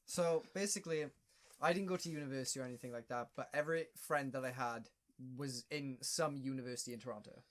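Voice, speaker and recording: A man's voice: mid-range voice, fast talker, fairly bright tone. A young man telling a story on a casual podcast. His speech is loose and hesitant, and he stops and repeats himself often. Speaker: podcast co-host.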